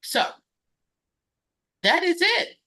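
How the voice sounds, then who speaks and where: A woman guest casually demonstrating a recipe and telling her story, halting and correcting herself often. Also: very high-pitched, big pitch swings, bright, forceful tone. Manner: halting, self-correcting, many fillers.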